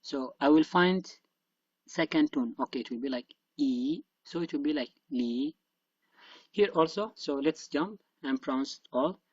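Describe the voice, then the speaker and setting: A man's voice: on the high side, normal speed, no echo. Man, teacher, dry close sound, dull lo-fi recording. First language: Arabic. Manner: patient drilling of syllables aloud. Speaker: Chinese teacher. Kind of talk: online pronunciation lesson.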